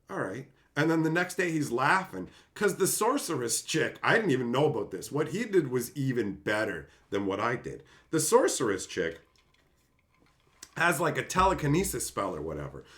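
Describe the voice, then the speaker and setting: Host, male, casual storyteller, voice swings up and down a lot, salty language. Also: a little high. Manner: animated, swears, acts out quotes in different voices. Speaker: channel host.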